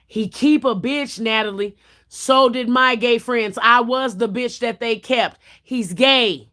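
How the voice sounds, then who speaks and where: A woman's voice: fairly high pitch, slow pace, a bit bright. A woman hosting a livestream, chatting casually and telling stories bluntly, with plenty of swearing. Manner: blunt, profane, storytelling. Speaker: livestream host.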